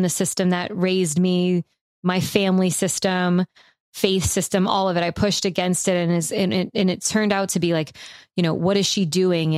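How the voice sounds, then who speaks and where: A woman in her thirties telling a personal story in a relaxed, rambling way, with lots of fillers as she co-hosts a podcast. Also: lowish voice, no echo, studio quality. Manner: reflective, rambling with frequent fillers.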